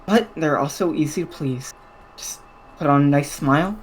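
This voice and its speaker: A game master voicing a wry, teasing middle-aged female ruler in a tabletop role-play, dry and unhurried. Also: mid-range voice, breathy edge, natural voice, poor audio. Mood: musing.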